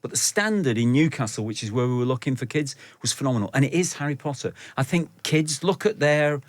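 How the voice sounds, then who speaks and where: A man's voice: medium pitch, expressive, brisk, no room sound. A middle-aged man guesting on a radio show, talking at length in a reflective, storytelling way. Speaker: film director guest. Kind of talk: radio interview.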